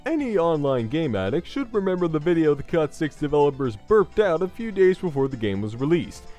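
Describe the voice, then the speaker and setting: A man delivers scripted gaming commentary in a sarcastic, crude tone. His voice sits a little high and leaps around with animated, lively pitch swings. Soft music plays quietly underneath. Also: brisk. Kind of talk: scripted video game commentary.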